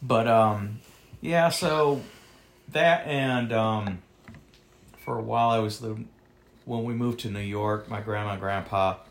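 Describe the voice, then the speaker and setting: A man hosting a podcast in casual chat, talking in a relaxed, hesitant way with lots of fillers. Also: on the low side, takes it slowly, long pauses. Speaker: podcast host.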